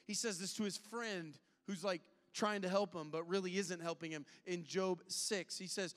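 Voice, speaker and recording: A man preaching a sermon in a candid, conversational style, with sudden swings between loud and soft. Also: high-pitched, moderate pace, long reverb tail. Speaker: pastor. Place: church auditorium.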